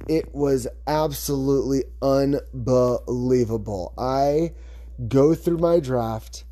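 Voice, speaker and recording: A man's voice: mid-range voice, mellow, dry recording, clean studio sound. A man hosting a podcast, chatting casually in a rambling, self-correcting way. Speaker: podcast host. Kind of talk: casual chat about fantasy football.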